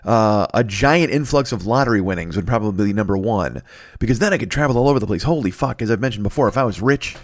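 A man's voice: lowish voice, no echo. Profane rambling man hosting a podcast. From United States. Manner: profane, rambling, self-mocking. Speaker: podcast host. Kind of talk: comedic solo podcast monologue.

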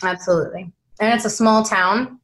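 A young woman, an actress being interviewed, telling dramatic anecdotes in a lively, animated way. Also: medium pitch, normal speed. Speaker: actress guest.

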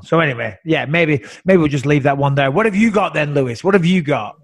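A man with an English accent chats on a podcast, his voice sitting a little high. He rambles through stories with a sarcastic edge. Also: fast talker, few pauses. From England. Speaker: podcast co-host. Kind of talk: casual podcast chat.

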